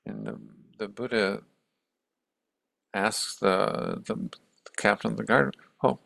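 A man's voice: fairly low pitch, fairly even intonation, takes it slowly, gravelly, a bit bright, no echo. A man casually retelling a story in a conversational way, with many restarts and acted-out quotes.

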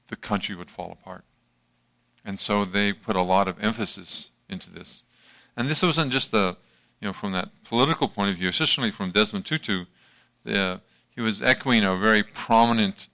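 A man giving an informal evening talk to a live audience, halting, with many fillers and restarts, his mouth still slightly numb from dental work. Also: lowish voice, pushed and bright.

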